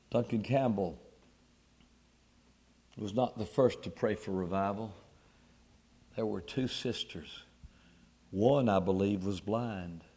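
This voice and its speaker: A male preacher delivering a sermon, swelling into loud emphatic peaks and dropping to a low, quiet tone. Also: in a large hall.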